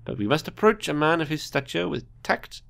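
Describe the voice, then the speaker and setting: A man's voice: fairly high pitch, animated, brisk, creaky, a bit bright, slight background noise, pitched above the performer's own voice. Man playing a dignified falcon lawyer. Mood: measured.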